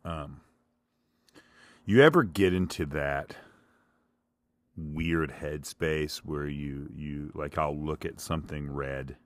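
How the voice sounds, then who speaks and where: A man with a Kentucky accent, very low-pitched, spins a rambling, self-mocking comic story as a podcast host. His voice sits close and dry on the mic, and he gets louder when he quotes himself. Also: slow pace, long pauses, dry recording. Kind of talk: storytelling monologue.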